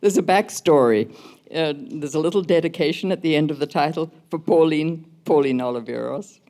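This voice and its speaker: An older woman composer speaking in a gentle, thoughtful way in a public conversation, laughing softly as she tells stories. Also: low voice, moderate pace. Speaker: composer guest.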